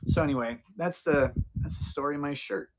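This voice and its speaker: Speaking fairly quickly in a slightly high voice, a man in his forties streams casually from outside, rambling, cursing freely and replying to chat. A faint hiss or hum sits in the recording.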